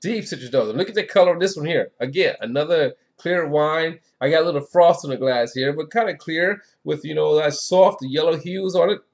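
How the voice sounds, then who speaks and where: A man's voice: a little high, fairly quick, hardly any pauses. Chatty man reviewing wine. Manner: chatty, enthusiastic, lots of "you know". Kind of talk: casual wine tasting review.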